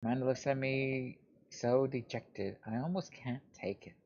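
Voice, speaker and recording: A man's voice: medium pitch, steady tone, measured pace, a little mellow, faint music behind. A man reading a game's narration and dialogue aloud, giving earnest fatherly advice, on a dull lo-fi recording. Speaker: let's play host.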